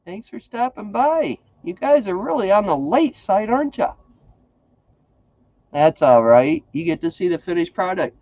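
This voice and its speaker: A man's voice: sits high, sing-song, measured pace, darkish tone, dry recording, highs cut off. A man hosting a casual crafting livestream, chatty and folksy, greeting viewers by name.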